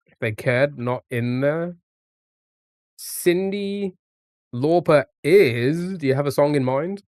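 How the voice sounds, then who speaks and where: A man's voice: fairly high pitch, slow pace, a little mellow, no room sound, studio quality. A man live streaming a music guessing game, chatting casually and reacting to his chat as he plays.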